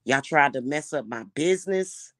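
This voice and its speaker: A middle-aged woman with a notably low, deep voice, recorded close and dry with no room sound. She vents straight to camera in a heated, profane rant. She repeats herself and trips over restarts as she goes. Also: expressive, moderate pace, fairly bright tone, no room sound. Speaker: spiritual reader and spellwork vlogger. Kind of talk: unscripted angry rant to camera.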